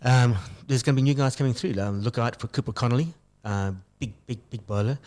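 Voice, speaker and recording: A man's voice: mid-range voice, fairly quick, a little mellow. A man co-hosting a casual sports talk radio show, hesitant and earnest, with many ums and uhs. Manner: hesitant, filler-heavy, earnest. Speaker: radio co-host.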